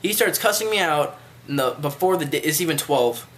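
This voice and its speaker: A man's voice: fairly high pitch, lively intonation, fairly quick, a bit bright. A man telling a rambling, casual story to his viewers, with loose phrasing and frequent swearing. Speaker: vlogger.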